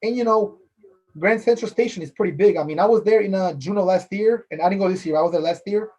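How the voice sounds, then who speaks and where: Fast-talking man hosting a podcast. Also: high-pitched, a little mellow. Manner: rambling, loose, repeats phrases and fills with "you know". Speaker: podcast host. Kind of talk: casual solo podcast monologue. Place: based in Philadelphia.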